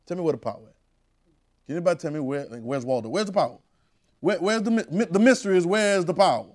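A man preaching a conversational sermon, repeating phrases and rising to shouted calls. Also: on the high side, expressive, fast talker.

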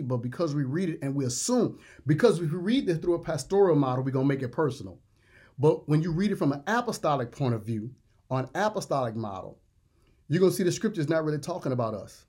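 Emphatic preacher man, fairly high voice. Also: a little mellow, slightly rough. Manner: emphatic, repeats words, slows to stress scripture. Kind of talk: sermon.

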